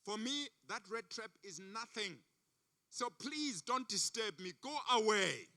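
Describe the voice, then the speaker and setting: A man's voice: high-pitched, expressive, measured pace, sharp tone, exaggerated voice. A man voicing a dismissive chicken who brushes off a warning, in a sermon story. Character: dismissive lazy farm chicken.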